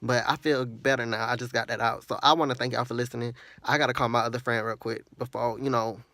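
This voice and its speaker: A man's voice: medium pitch, steady tone, quick pace, pushed and bright, no echo. Earnest man venting in a dry vlog. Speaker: vlogger. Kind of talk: emotional personal vlog.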